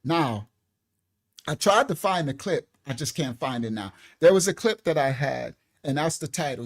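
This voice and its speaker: A man's voice: on the high side, unhurried. A man hosting a ministry channel, teaching viewers in a casual, colloquial monologue and often asking "right?". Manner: animated, repeats "right?" and "listen clearly", colloquial.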